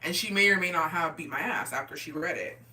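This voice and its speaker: A woman streamer chatting casually with her viewers, telling profane, animated stories and reacting to chat. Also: fairly low pitch, fast talker, distant mic.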